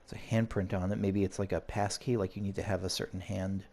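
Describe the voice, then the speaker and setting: Gravelly man narrating his gameplay. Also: sits low, flat delivery, fast, mellow. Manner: chatty, thinking aloud. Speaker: game streamer. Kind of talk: let's play commentary and story reading.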